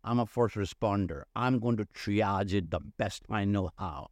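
A man's voice: fairly low pitch, measured pace, a little mellow, no room sound, clean studio sound. A middle-aged man, a church leadership consultant, talking earnestly in a podcast interview and repeating phrases for emphasis.

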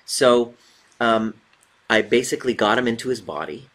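A man's voice: medium pitch, expressive, moderate pace, fairly bright tone. A man who works as a relationship coach, giving a casual motivational talk and driving his points home by repeating them. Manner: emphatic, repeats key points.

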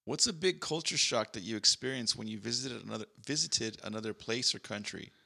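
A man's voice: medium pitch, brisk, gravelly, sharp tone. A man co-hosting a podcast in casual chat, reading out forum questions and answers with short agreeing replies. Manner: reads listener posts aloud, short agreeing replies.

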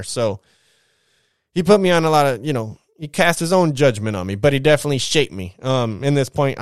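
A man talks through his own past in loose, profanity-filled street slang, slipping into the voices of the people he describes. His voice is smooth and clear, at an ordinary pitch. The sound is close and dry. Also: dry recording. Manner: animated retelling with quoted voices. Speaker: podcast host telling his life story. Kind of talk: casual storytelling monologue.

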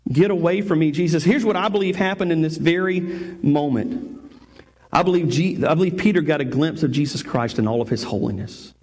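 A male pastor delivers a sermon in a lively, chatty, joking way. His voice sits a bit high and has a husky edge. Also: normal speed. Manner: animated, conversational, jokey preaching.

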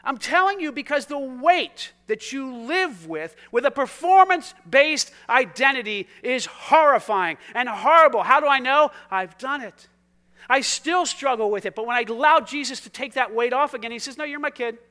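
A man preaching a sermon as pastor, passionate, swinging between loud emphasis and hushed, almost whispered lines. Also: very high voice, lively intonation, moderate pace.

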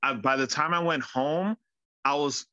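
A man's voice: on the high side, measured pace, sharp tone, dry recording, highs cut off. A man telling a rambling story in casual chat, swearing a lot and laughing through his words.

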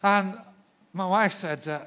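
A middle-aged man preaching a sermon as a pastor, animated, swinging between loud acted-out shouts and soft asides. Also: sits high, measured pace. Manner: animated storyteller, shouts when acting out quotes, drops to soft asides. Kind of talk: sermon with personal story.

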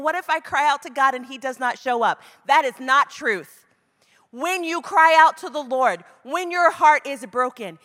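A woman's voice: lowish voice, fairly bright tone. A woman preaching a sermon to a women's gathering, passionate and conversational, leaning hard on key words. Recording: long reverb of a large hall.

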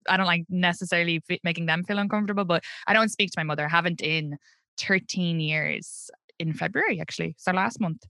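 A woman's voice: on the low side, sharp tone, clean tone, dry recording, studio quality. An Irish woman in her thirties, a comedian guest talking candidly and laughing often in a casual interview. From Ireland. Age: 30s.

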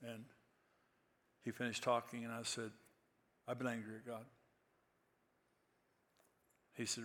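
A pastor in his sixties tells stories from the pulpit in an easy, conversational way, then presses his points with emphatic force. His voice is bright and forceful, with a long reverb trailing through a large hall. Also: medium pitch, gravelly. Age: 60s. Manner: conversational, anecdotal, rising to emphatic peaks. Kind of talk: sermon with storytelling.

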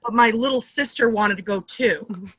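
Woman, thirties, from Boston, comedian guest, bright voice, fairly high, dry close sound, lively storytelling. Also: slightly rough, no echo. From Boston area. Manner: animated, quick storyteller acting out quotes. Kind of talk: casual storytelling chat.

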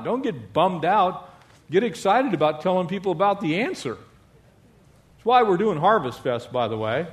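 Male pastor, fairly high voice, lively sermon with call-and-response amens and jokes. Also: moderate pace.

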